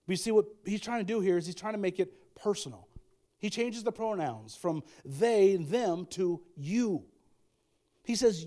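A man's voice: sits high, animated, normal speed, dark tone. A middle-aged male pastor preaching a sermon, emphatic, with folksy asides and repeated key lines.

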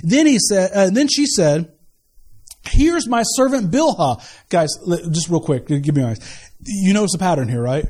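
A male pastor with a fairly high voice preaches with lots of energy. He chats with the congregation, throws in quick asides and acts out little scenes. He sounds middle-aged. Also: husky. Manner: animated, conversational preaching with asides and quick retellings. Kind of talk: sermon.

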